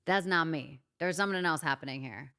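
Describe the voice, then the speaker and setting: Podcast guest, woman with a low voice, casual and thoughtful. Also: a little fast, pushed and bright, smooth. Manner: reflective, calls her host "dude". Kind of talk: casual conversation.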